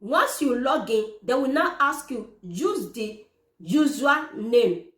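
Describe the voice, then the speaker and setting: A woman's voice: a little high, expressive, slow, a bit bright. A woman giving other parents earnest, repetitive step-by-step advice in direct address. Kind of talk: informal how-to explainer. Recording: echoey room.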